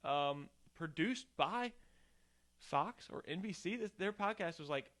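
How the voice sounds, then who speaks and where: A man's voice: sits high, lively intonation, unhurried, fairly bright tone. A man hosting a podcast from a home garage studio, talking in a loose, rambling way and swearing casually. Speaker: podcast host. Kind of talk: casual chat.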